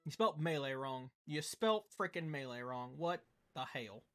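A man's voice: fairly high pitch, lively intonation, a little slow, a bit bright, faint music behind. A man in his twenties from the Southern United States, chatting casually with his live-stream audience in a playful, mock-indignant way and tripping over his words for comic effect. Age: 20s. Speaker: game streamer.

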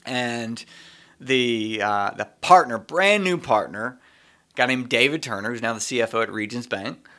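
Middle-aged male podcast co-host with a bright, forceful voice. He tells casual, lively anecdotes and laughs through them. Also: medium pitch, normal speed. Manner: animated, laughs often while telling a story. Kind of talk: casual storytelling.

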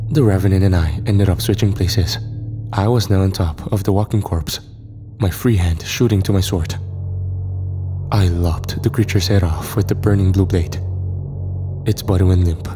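A man narrating a first-person horror story in a steady, even manner. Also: low-pitched.

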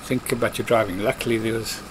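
A man's voice: fairly low pitch, steady tone, fast talker, a little hiss or hum. A man giving casual commentary while playing a farming game, chatting to himself and scolding the computer-driven workers. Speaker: let's play host.

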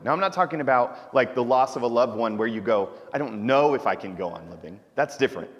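A man's voice: mid-range voice, expressive, quick pace, hardly any pauses, highs cut off. A man preaching a sermon as pastor, in an informal, conversational way that often checks in with listeners. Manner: conversational preaching with frequent "right?" asides. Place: church sanctuary. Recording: church hall reverb.

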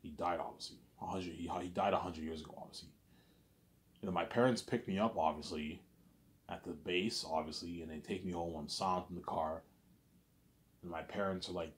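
A young man with a very low voice rambles through a casual story, circling back with the same filler phrases. His delivery is loose and unhurried. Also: fairly even intonation. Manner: rambling, repeats "you know what I'm saying".

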